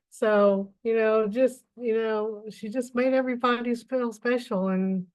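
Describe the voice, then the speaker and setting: A woman's voice: a little high, fairly even intonation, unhurried, a little mellow, low-quality recording. A woman giving a folksy, emotional personal testimony on a video call. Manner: folksy, emotional, plain-spoken. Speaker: caller.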